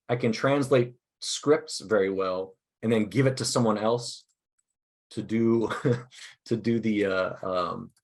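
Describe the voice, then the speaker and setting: A man presenting a teacher workshop over a video call, upbeat and self-deprecating, talking casually in halting starts from his desk. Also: deep voice, darkish tone. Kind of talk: casual online workshop talk. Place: indoors at a desk.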